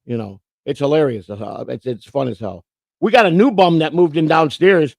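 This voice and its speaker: A man's voice: a little high, moderate pace, creaky, dry recording. A man from Florida co-hosting a casual livestream, telling long rambling stories and swearing freely. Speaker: co-host.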